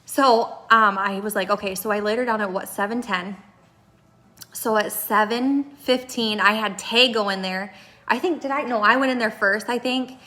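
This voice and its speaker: Chatty, bright-voiced young mom. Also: female voice, a little high, fairly even intonation, normal speed. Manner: chatty, rambling, many restarts and fillers. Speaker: mom vlogger. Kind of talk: casual vlog chat.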